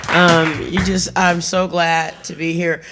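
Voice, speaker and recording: Gravelly, brash woman comic. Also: on the low side, flat delivery, slow, music in the background, crowd noise. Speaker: stand-up comedian. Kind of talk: stand-up comedy set.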